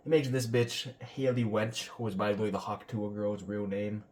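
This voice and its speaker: A man's voice: lowish voice, steady tone, normal speed, a little mellow. A man hosting a reaction video, ranting bluntly and sarcastically with plenty of swearing. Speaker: commentary channel host.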